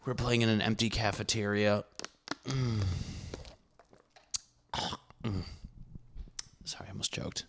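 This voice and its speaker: A man's voice: on the low side, fairly even intonation, slow, long pauses, a bit bright, slight background noise. A young man hosting a podcast, telling a profane, rambling, self-mocking story in a casual monologue. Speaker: podcast host.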